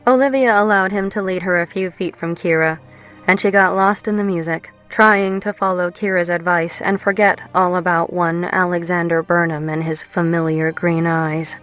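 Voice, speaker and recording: Low-voiced woman reading a romance. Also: fairly even intonation, moderate pace, fairly bright tone, faint music behind. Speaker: audiobook narrator. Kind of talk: scripted narration.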